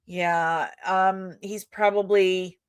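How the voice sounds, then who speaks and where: A podcast host and comic creator, a woman, chats casually in a rambling, self-deprecating way, full of fillers. Her lowish voice stays steady and extremely slow, with a clear, resonant tone. The recording is dry and studio quality.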